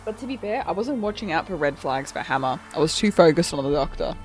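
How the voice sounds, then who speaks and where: A woman's voice: on the low side, animated, fast, soft background music. A woman streamer commenting casually on a video game, chatty and playful.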